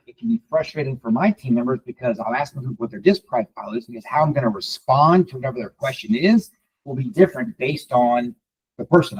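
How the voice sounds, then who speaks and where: A man teaching a live workshop to a room of colleagues, talking fast and asking the audience questions. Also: fairly high pitch, slightly rough, rough recording. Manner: fast, animated, addresses the room directly. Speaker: real estate trainer.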